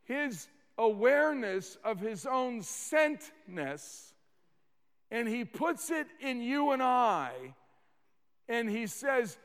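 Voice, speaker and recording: A man with a notably high voice preaches slowly and deliberately, leaning on repeated words and building to sudden emphatic peaks. His sermon rings out with a long reverb, as if recorded in a large church hall. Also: lively intonation, a bit bright. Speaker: pastor.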